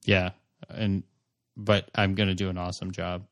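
A man's voice: deep voice, flat delivery, moderate pace, no echo. A man playing a tabletop game, chatting casually and making wry, dry remarks. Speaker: player.

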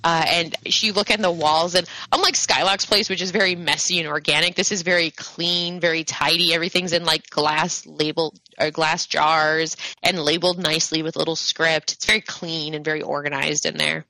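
A woman's voice: deep voice, steady tone, moderate pace, hardly any pauses, sharp tone, dry recording, poor audio. A woman narrating a tabletop game as game master, rambling with many fillers.

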